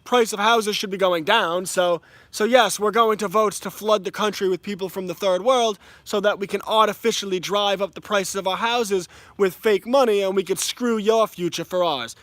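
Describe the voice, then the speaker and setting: Man playing condescending older British homeowner; patronizing lecture, high pitch, dry sound. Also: steady tone, normal speed, few pauses, a bit bright, no room sound. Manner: mocking, patronizing.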